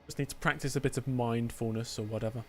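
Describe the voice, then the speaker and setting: A man's voice: medium pitch, steady tone, fast talker, fairly bright tone, a little hiss or hum. English male gaming streamer, casual and self-deprecating, medium voice. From England. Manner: chatty, joking, self-deprecating asides. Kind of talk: casual gameplay commentary.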